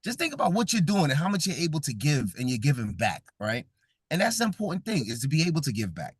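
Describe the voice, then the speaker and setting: A man from Brooklyn gives a motivational talk full of jokes, and he laughs often and keeps pulling the audience in. His voice sits a little high and swings widely up and down. The sound is close and dry. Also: big pitch swings, quick pace, breathy edge, dry recording. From Brooklyn, New York. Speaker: event speaker.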